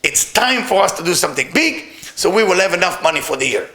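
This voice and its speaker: A man's voice: sits high, sing-song, fast, sharp tone, heavily acted. A man voicing a desperate male professional thief in broken English, pleading earnestly with rabbis for help. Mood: boastful.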